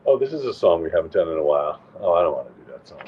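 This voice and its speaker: A man's voice: sits low, sing-song, rapid-fire, a little hiss or hum. A tired man hosting a casual home show at night, rambling and thinking aloud as he looks things up. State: tired, yawning. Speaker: show host. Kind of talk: casual livestream chat. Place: at home at night with a dog nearby. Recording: tinny phone-like sound with faint music.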